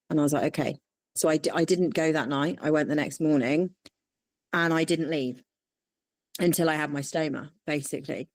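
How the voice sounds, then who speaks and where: Candid woman, low and dry. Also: moderate pace, no room sound. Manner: animated, quotes people in lively voices. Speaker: interview guest. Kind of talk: candid storytelling.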